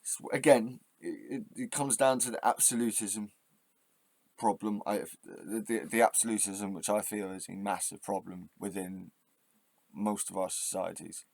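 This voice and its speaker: A man hosting his own channel, delivering a passionate, swearing rant that drops to quiet musing and then flares up loud, with halting restarts when he thinks aloud. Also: on the low side, fairly even intonation, vocal fry, no room sound. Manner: swearing, impassioned, swings between quiet and loud. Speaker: channel host. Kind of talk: ranting vlog monologue.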